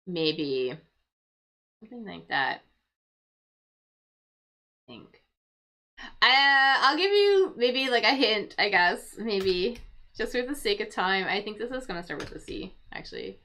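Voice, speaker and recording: A woman's voice: medium pitch, big pitch swings, slow, long pauses, bright, forceful tone. A woman hosting a casual crossword livestream for English learners, thinking aloud and explaining word meanings patiently.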